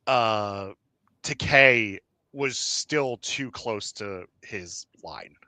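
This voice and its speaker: A man, a podcast host, telling animated anecdotes in casual chat with lots of fillers. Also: fairly low pitch, drawn-out words, dry recording.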